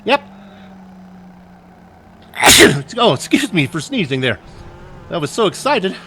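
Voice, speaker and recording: Joking, bright-voiced race color commentator. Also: male voice, high-pitched, very animated, takes it slowly, slight background noise. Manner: joking, chatty, with fillers and asides. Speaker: sim racing color commentator.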